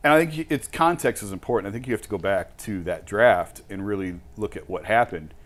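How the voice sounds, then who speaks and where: A man's voice: lowish voice, a little fast. A man co-hosting a sports talk show who argues his points emphatically. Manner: animated, emphatic arguing.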